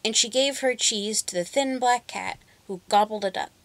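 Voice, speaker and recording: A woman reading a fairy tale aloud, narrating in an expressive, measured way. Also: fairly high pitch, no room sound. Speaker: storyteller. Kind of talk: storybook reading.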